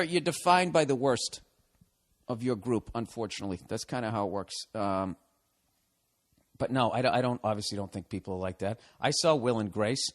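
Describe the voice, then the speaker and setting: A man, a podcast host, reading out a listener email and answering it with rambling, profane sarcasm. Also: mid-range voice.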